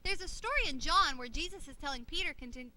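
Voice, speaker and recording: A woman's voice: sits high, expressive, fast talker, sharp tone, full character voice. A woman voicing a friendly puppet shipmate who patiently explains the lesson to children in a church puppet show. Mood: teaching.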